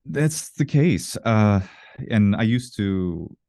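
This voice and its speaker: A low-voiced man with a mellow tone, talking as a guest in a casual interview. He explains his ideas earnestly and at length, often stopping to rephrase mid-sentence. The sound is close and dry. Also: lively intonation, slow pace, vocal fry, no echo. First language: English. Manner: earnest, explains at length with frequent self-corrections.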